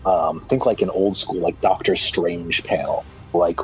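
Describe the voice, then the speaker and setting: A man's voice: deep voice, fairly even intonation, unhurried, few pauses, faint music behind. A man playing a tabletop game, describing a scene imaginatively and rambling with fillers. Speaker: player. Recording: dull lo-fi mic.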